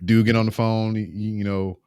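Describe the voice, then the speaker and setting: A man co-hosting a podcast in casual chat, telling animated stories and swearing freely. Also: fairly low pitch, a little fast, clean tone, dry recording, studio quality. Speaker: podcast co-host.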